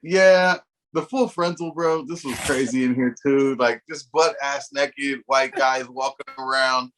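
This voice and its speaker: A man's voice: medium pitch, steady tone, measured pace, fairly bright tone, a little hiss or hum. A man co-hosting a casual movie review chat, slangy and profane, retelling scenes with animation. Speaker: podcast co-host.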